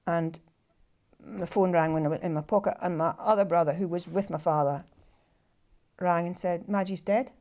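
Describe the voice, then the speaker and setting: A Scottish woman telling a personal story to a live audience, halting and repeating herself with deep feeling. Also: fairly even intonation, mellow. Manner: halting, repetitive and heartfelt.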